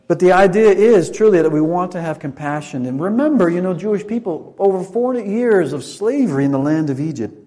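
A man's voice: high-pitched, warm tone. A man preaching in a church, leading a Passover demonstration and joking playfully with volunteers. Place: church sanctuary.

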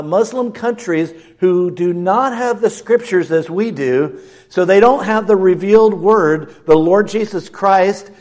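Middle-aged male pastor, high voice, dynamic sermon delivery, hushed to loud.

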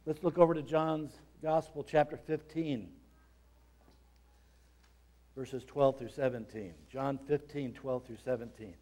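A man preaching a sermon, reading scripture aloud and explaining it, dropping low and quiet and then building to dramatic shouted peaks. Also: steady tone, measured pace, long pauses.

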